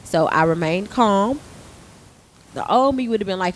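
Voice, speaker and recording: A woman's voice: on the low side, normal speed, a little hiss or hum, poor audio. A woman in her thirties, a theater arts teacher, chatting casually and telling a work story with lots of swearing and acted-out quotes. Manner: animated storytelling with profanity, acting out quotes. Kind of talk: casual podcast chat.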